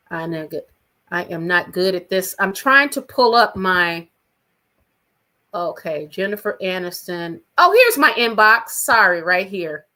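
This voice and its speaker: A woman's voice: fairly low pitch, bright, forceful tone. A woman hosting a casual gossip livestream from her own room at home, talking chattily and straight to her viewers. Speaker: livestream host.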